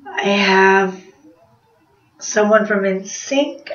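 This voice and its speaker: A woman's voice: medium pitch, extremely slow, a bit bright. A woman vlogger telling a rambling confessional story in a chatty way, laughing at herself. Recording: roomy, distant, slightly dull sound.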